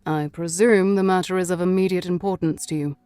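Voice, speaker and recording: A mysterious, gaunt gentleman of middle years, as a woman narrator puts him on, speaking in a purring British accent. His manner is unhurried and politely calm, with a low, slightly darkened timbre set apart from the narration. The sound is close and dry, like a storybook reading. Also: smooth, dry recording, lightly acted. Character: mysterious elegant gaunt man, forties or fifties.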